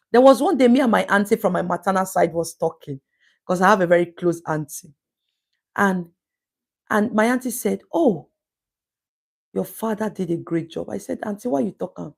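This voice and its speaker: A woman's voice: medium pitch, darkish tone. A woman with a Nigerian English accent hosting a live stream and reading viewer comments. She talks in an emphatic, preachy way and repeats words for stress. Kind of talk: casual live-stream talk.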